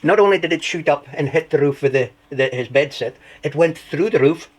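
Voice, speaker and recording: A man telling his story as an interview guest, rambling through anecdotes with restarts and lively retellings. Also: on the high side, fairly quick, low-quality recording. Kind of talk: conversational storytelling.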